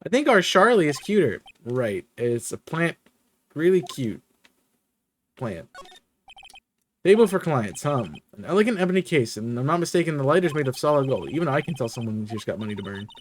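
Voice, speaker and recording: A streamer reading game dialogue aloud with low, deadpan muttered asides. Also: moderate pace, long pauses.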